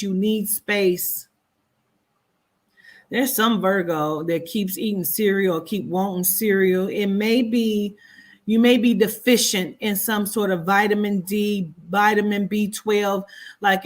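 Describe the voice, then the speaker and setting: A woman reads horoscopes in a loose, chatty way, playful and freely profane as she talks to her viewers. Her voice sits at an ordinary middle pitch for a woman, and she never sounds formal or scripted. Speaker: horoscope reader. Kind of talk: casual astrology reading.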